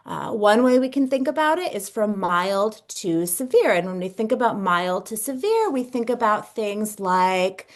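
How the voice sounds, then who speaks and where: A woman in her thirties giving a lunchtime webinar as a literacy consultant. She explains reading strategies in a chatty, informal way with frequent fillers, at a middle pitch. Her voice comes through a video call mic. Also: lively intonation, unhurried, hardly any pauses. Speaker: literacy consultant and dyslexia tutor. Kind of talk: webinar presentation.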